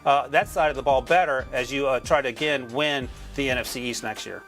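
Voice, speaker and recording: A man from North Carolina, a sports analyst guest, talking through draft picks in a quick, joking way on a studio mic. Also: medium pitch, a bit bright, soft background music. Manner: quick, joking, chuckles while explaining.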